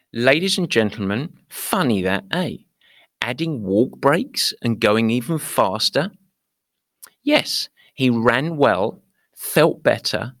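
Man as running coach and podcast host, chatty storyteller, middle-pitched, dry close mic. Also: no room sound. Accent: not American. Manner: lively storyteller, talks to listeners directly. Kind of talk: podcast monologue.

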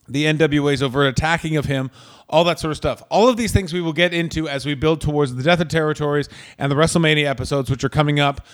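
A man who does stand-up, co-hosting a casual podcast and telling crude, rambling stories. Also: on the high side. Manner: chatty, crude, rambling storyteller. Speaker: podcast co-host, stand-up comedian.

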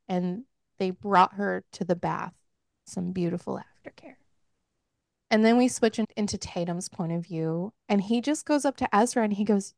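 A woman's voice: mid-range voice, moderate pace, vocal fry, a little mellow, no room sound, clean studio sound. A woman hosting a podcast, casually and frankly recapping a book with lots of filler words. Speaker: podcast host.

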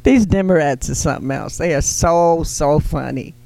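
A woman's voice: sits low, normal speed, gravelly, mellow, dry recording. A woman co-hosting a talk show, chiming in and teasing with casual chat. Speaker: co-host.

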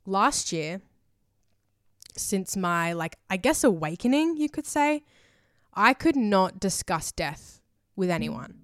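A woman's voice: medium pitch, big pitch swings, slow pace, pauses often, fairly bright tone, no echo, clean studio sound. A woman hosting a solo podcast, talking in a rambling, emotional way full of fillers and casual swearing. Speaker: podcast host.

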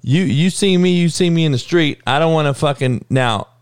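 A man's voice: a little high, normal speed, clear, resonant tone, no echo, studio quality. A man hosting a sports podcast, ranting in a heated, profane, rambling way and often calling listeners dog. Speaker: podcast host. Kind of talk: casual sports rant.

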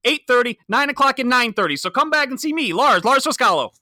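A man doing a corny stand-up comic who rambles and stammers through a story, his voice bright and swooping all over. He is all self-promotion in this comedy podcast sketch. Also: very high voice, expressive, fast, heavily acted. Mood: rambling.

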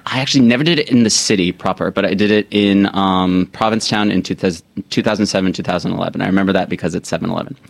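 A man's voice: deep voice, racing, creaky, few pauses. A man joining a podcast as guest co-host, chatting in a playful, sassy way. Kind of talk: casual chat.

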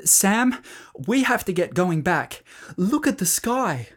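A storyteller voicing a sensible, brisk young girl who calls out with urgency and takes charge. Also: medium pitch, very animated, pitched above the performer's own voice. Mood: urgent. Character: sensible girl, brisk and bossy older sister.

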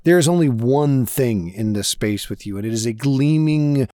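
A man's voice: medium pitch, animated, moderate pace, warm tone, no room sound, clean studio sound. A man narrating a tabletop game as game master, playful and dramatic, with frequent swearing.

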